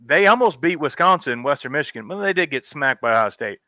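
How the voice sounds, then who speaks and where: A man's voice: on the high side, animated, fast, sharp tone, dry recording, muffled recording. A man on a sports podcast giving blunt, sarcastic football takes. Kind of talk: casual sports chat.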